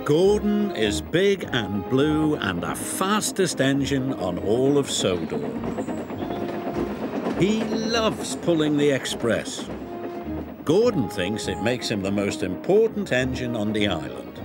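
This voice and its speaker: A man narrating a children's story in a gentle, measured, expressive way. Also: medium pitch. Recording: loud background music.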